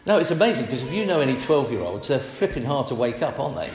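A man preaching a sermon in a chatty, animated way, often laughing as he talks. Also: mid-range voice, quick pace. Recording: echoey hall.

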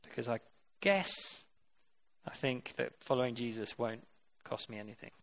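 Male preacher, earnest and conversational in the sermon, mid-pitched voice. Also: animated, normal speed, fairly bright tone.

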